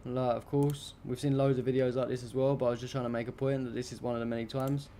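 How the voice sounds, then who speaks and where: A man's voice: mid-range voice, little pitch movement, fast talker, warm tone, slight background noise. A young adult man hosting a live stream, commenting on news pictures in an indignant, rambling, heavily profane way.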